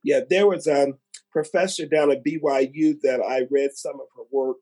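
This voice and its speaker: A man on a discussion panel speaking earnestly and in a measured way, stressing his key points. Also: fairly high pitch, steady tone, dark tone, breathy edge, dry recording, low-quality recording. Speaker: panel guest. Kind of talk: reflective discussion.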